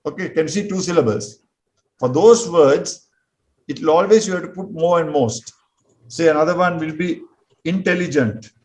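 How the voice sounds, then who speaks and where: A man teaching an English grammar lesson to a class, patiently drilling words slowly and repeating them. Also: on the high side, darkish tone, low-quality recording.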